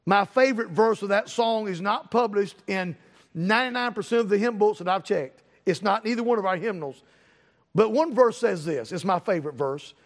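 A male pastor with a very high-pitched voice delivers a sermon. He repeats his phrases and climbs to loud, emphatic peaks before easing back down. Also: a little fast, big-room sound.

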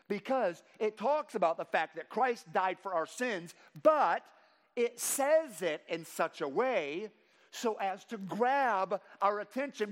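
A man preaching a sermon to his congregation, reading scripture slowly with emphasis and praying in a softer voice. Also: sits high. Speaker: pastor. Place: church sanctuary. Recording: long reverb of a large hall.

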